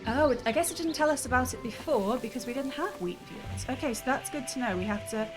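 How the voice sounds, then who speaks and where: A woman with a high voice talks at a quick pace while streaming a cozy building game. She's chatty and laughs a lot, thinking out loud and chatting with viewers in casual commentary as game music plays behind.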